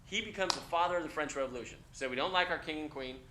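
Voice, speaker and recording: A college instructor gives a classroom lecture, talking fast in a voice on the high side. He's energetic and conversational, checking in often with "okay?". The classroom is echoey with faint noise.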